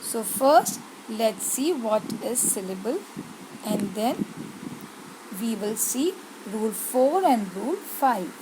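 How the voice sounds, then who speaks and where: Slow, deliberate woman teacher. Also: a little high, expressive, noisy background. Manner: slow, deliberate, repeats words and asks pupils questions. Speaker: English teacher. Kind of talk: slow explanatory grammar lesson.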